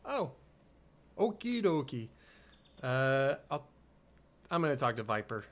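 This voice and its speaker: A man's voice: mid-range voice, big pitch swings, slow. A man streaming a game in casual, rambling, self-correcting commentary with a goofy tone. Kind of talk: casual let's-play commentary.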